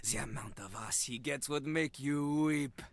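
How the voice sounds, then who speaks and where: A man's voice: medium pitch, a little slow, crowd noise, close to an everyday voice. An actor voicing a cocky male toilet-man rapper in a video game, with a French accent, bragging in rhyme over a hip hop beat. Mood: smug. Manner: brags in rhyme, sing-song rapping. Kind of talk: video game character acting.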